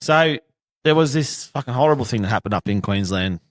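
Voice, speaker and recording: Aussie bloke swearing every other word, voice jumps all over the place, dry close mic. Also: male voice, mid-range voice, animated, brisk, no room sound. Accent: Australian. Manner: swears constantly, tells stories animatedly. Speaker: podcast co-host. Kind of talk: casual chat.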